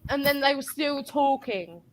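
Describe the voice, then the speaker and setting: A woman's voice: high voice, lively intonation, unhurried, a little hiss or hum. A woman telling a work story in casual chat, rambling and swearing as she goes.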